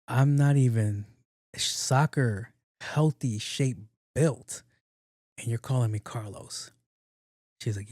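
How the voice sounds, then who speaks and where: A middle-aged man, hosting a podcast and telling casual stories, profane and animated, laughing often. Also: medium pitch, no room sound, clean studio sound. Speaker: podcast host. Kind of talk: casual storytelling monologue.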